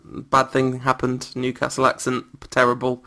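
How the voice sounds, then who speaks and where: A man hosting a casual football podcast, chatty and self-mocking with quick asides. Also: mid-range voice, monotone, gravelly, fairly bright tone. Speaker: podcast host.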